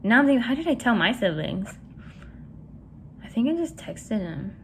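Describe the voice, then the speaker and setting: A woman's voice: fairly high pitch, sing-song, normal speed, slight background noise. A young woman vlogger chatting casually while doing her makeup, rambling with lots of fillers and tossing in Spanish words. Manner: rambling, many "you know" and "like" fillers, mixes in Spanish words.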